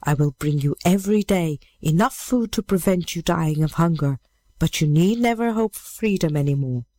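A woman's voice: low-pitched, expressive, normal speed, dark tone, dry recording. A woman reading as a vengeful witch maiden. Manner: stern, accusing.

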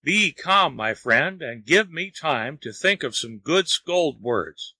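A man's voice: fairly high pitch, animated, slow pace, bright, forceful tone, dry recording, exaggerated voice. A man voicing a storybook neighbor who laughs at and teases his visitor. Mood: scolding. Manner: laughing, teasing. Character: amused, mocking neighbor man.

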